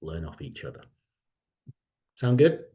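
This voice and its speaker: Man, low voice, middle-aged lecturer, rambling, repeats himself, casual advice. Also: wildly swooping pitch, a little slow, warm tone. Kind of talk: casual online meeting talk.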